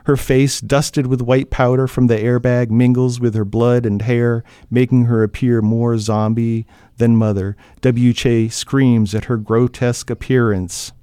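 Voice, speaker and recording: A man's voice: mid-range voice, little pitch movement, a little slow, warm tone, smooth, dry recording, clean studio sound. A man from New Hampshire, an author reading from his novel with theatrical expression and then talking as a guest. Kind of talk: dramatic reading, then interview talk.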